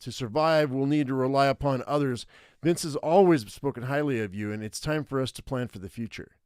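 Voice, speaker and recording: A man reading the lines of a firm, friendly young woman in a zombie story game, raising his voice a little higher for her. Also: brisk, a little mellow, clear, resonant tone, no room sound, clean studio sound, natural voice. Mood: somber.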